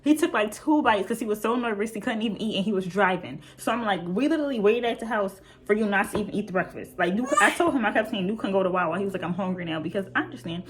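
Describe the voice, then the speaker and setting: A woman's voice: medium pitch, expressive, quick pace, few pauses, slight background noise. A young woman telling a casual storytime, chatty and full of fillers, talking straight to her viewers. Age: young adult. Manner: chatty, frequent fillers, addresses viewers directly. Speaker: vlogger.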